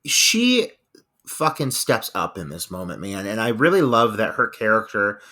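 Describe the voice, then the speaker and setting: Male podcast co-host, bright tone, emphatic and profane, casual film talk. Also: on the low side, very animated, unhurried.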